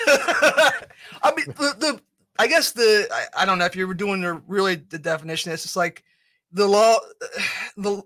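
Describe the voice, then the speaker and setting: A man's voice: high voice, unhurried, bright, forceful tone, dry recording. A man chatting casually as a podcast guest, hesitant and full of restarts. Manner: hesitant, many restarts, laughs often. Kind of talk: casual chat.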